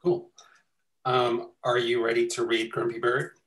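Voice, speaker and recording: A middle-aged man from Canada leading a conversation over a video call, gentle and measured as he asks questions. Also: medium pitch, completely flat delivery, rough recording. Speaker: co-author and moderator. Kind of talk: casual conversation.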